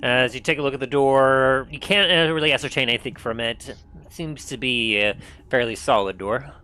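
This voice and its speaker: A man narrating as game master of a tabletop role-playing game, setting scenes in an unhurried, descriptive way. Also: medium pitch, bright, forceful tone, clean tone.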